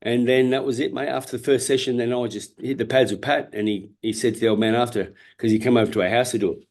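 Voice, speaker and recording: A Perth man in his fifties, a former world champion boxer, speaks as an interview guest with an Australian accent. His mid-range voice is fast and darkish with fairly even intonation. He tells his story candidly and earnestly, swearing freely and often restarting sentences.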